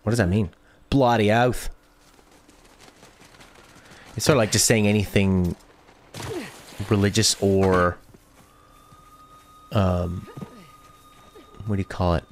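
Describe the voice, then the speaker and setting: A man's voice: low voice, fairly even intonation, unhurried, pauses often, a little hiss or hum. A man streaming a video game, chatting casually, reading viewer comments and joking. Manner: playful, reads chat aloud and jokes. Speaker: let's play streamer.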